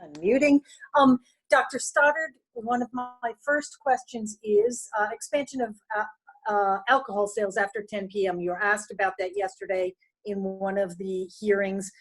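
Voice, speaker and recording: A woman's voice: medium pitch, fairly even intonation, moderate pace, rough recording. A woman radio reporter asking direct questions at a press briefing.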